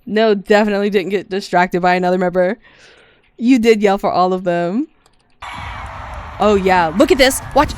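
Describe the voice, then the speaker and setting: A young woman, streaming a casual reaction, loud and profane with frequent exclamations. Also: mid-range voice, normal speed, long pauses, smooth.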